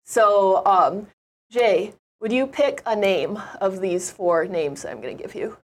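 A woman's voice: mid-range voice, slow. A woman guest on an interview show, chatting through her travel stories in an upbeat, rambling way. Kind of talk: conversational travel storytelling.

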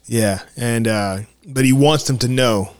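A man's voice: mid-range voice, unhurried, dry recording, clean studio sound. A man hosting a podcast, talking enthusiastically and a bit rambly about a movie, full of fillers and restarts. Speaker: podcast host. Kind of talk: casual film discussion.

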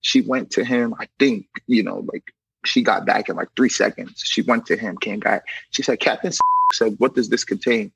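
Gravelly young man telling a story. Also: on the low side, moderate pace, no echo, low-quality recording. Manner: animated, acts out quoted dialogue; conversational, frequent "you know". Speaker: correctional officer. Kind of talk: casual personal storytelling.

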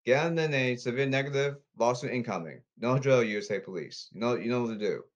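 A man podcasting alone in a repetitive, halting, pleading monologue. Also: medium pitch. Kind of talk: rambling solo monologue. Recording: slightly dull lo-fi audio.

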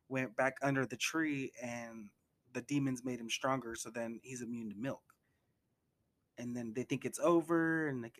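Casual, profane man recapping a movie. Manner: loose and profane, acts out quotes with big pitch jumps. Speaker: movie reviewer.

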